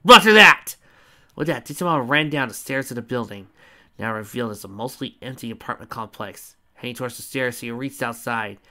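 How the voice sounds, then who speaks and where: A man reads fan fiction aloud in a relaxed, casual way. He trips over words now and then and drops in joking asides. His voice is bright and clear. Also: medium pitch, brisk. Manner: casual, stumbling reading with asides. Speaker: fanfiction reader.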